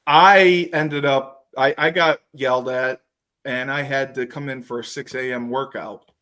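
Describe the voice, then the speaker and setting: A man hosting a podcast, telling profane, animated stories and acting out what others said in casual chat. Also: medium pitch, a little slow. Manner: profane, animated storytelling with acted quotes. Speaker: podcast host.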